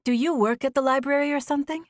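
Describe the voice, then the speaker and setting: A nervous thirty-something woman, as the narrator puts her on, talks in a breathless, flustered rush, voice lifted higher than the narration. She rambles and stumbles over herself in an audiobook scene. The sound is close and dry. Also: steady tone, fast, no room sound, close to an everyday voice. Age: 30s. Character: nervous excited young woman on a phone call. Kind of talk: audiobook dialogue.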